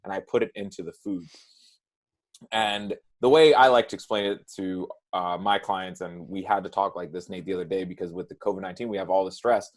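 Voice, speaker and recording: Deep-voiced and brisk, this man coaches people on nutrition and talks loosely on a podcast. His manner is relaxed, with "right?" and "like" popping up often.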